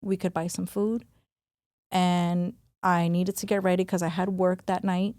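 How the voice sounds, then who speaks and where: A woman's voice: fairly low pitch, level tone, measured pace, a little mellow, no echo, studio quality. A woman guest on a podcast, speaking candidly and earnestly in a conversational interview, stressing words as she reflects.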